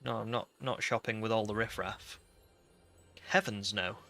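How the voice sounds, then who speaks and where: A man's voice: fairly low pitch, steady tone, moderate pace, creaky, pushed and bright, faint music behind. A man doing a haughty, prim posh English shopper voice with a posh English accent. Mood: snooty.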